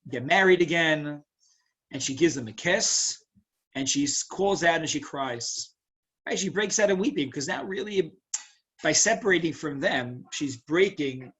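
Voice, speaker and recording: A rabbi with a husky, fairly high-pitched voice teaches a Torah lesson, walking through verses like he's telling a story. He's casual and animated, wandering into asides and tossing in "right?" and "you know" constantly.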